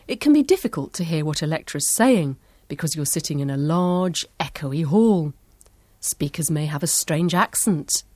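Female presenter, lowish voice with lively intonation, clear measured scripted narration. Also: dry recording, clean studio sound. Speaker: programme presenter.

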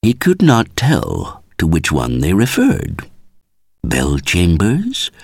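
A man reading a story aloud as scripted narration, measured and expressive. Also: low-pitched, creaky, dry recording. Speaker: audiobook reader.

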